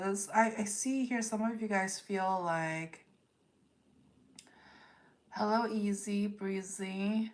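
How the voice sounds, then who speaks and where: A woman's voice: medium pitch, slow, long pauses. A woman giving a live-streamed tarot reading, talking straight to her viewers, repeating phrases and checking in with "okay?". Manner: addresses viewers directly, repeats phrases, ends points with "okay?". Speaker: tarot reader.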